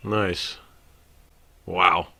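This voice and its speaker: A man's voice: sits low, level tone, extremely slow, gravelly, a loud crowd. A man hosting a casual interview, reacting with brief interjections. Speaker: host. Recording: loud background noise.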